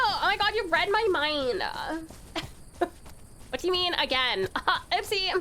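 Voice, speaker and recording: A woman's voice: sits high, lively intonation, a little slow, pushed and bright, slight background noise. A young woman streaming a game, chatting with her viewers, giggling often and swearing freely. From Tasmania, Australia. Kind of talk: casual game-stream commentary.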